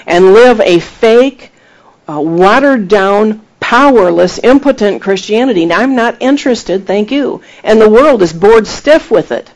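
A man preaching a sermon, retelling scripture with emphatic, animated delivery and acted-out quotes. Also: high-pitched, normal speed, low-quality recording. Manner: animated storytelling, acting out quoted voices; emphatic, rising to exhortation.

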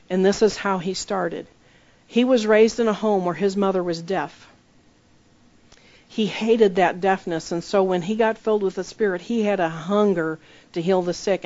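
Woman preaching, guided visualization. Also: darkish tone. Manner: leads guided visualization, acts out quoted voices with rising pitch. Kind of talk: sermon. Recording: dull lo-fi recording.

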